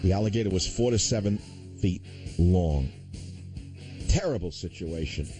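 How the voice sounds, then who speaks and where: A man's voice: deep voice, animated, normal speed, mellow, soft background music. An older man hosting a talk radio show, ranting with sarcastic indignation and then turning somber. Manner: indignant, sarcastic, swings between outrage and somber. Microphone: studio microphone.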